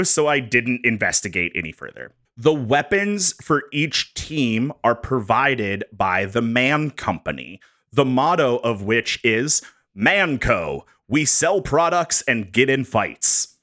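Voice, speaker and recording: Male podcast host, bright and animated, jokey presenter of notes. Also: medium pitch, a little slow. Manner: animated, jokey, reads prepared bullet points. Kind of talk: casual podcast chat.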